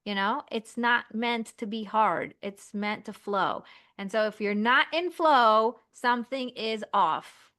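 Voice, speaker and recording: Woman guest on a chat podcast, lively, slightly high and very bright voice. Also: takes it slowly. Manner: lively, acts out inner voices. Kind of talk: casual podcast conversation.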